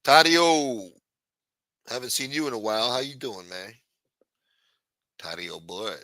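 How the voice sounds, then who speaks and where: Crude, mocking livestream host, lively. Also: male voice, fairly low pitch, normal speed, no room sound, clean studio sound. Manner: crude, mocking, talks back to chat. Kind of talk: profane casual commentary.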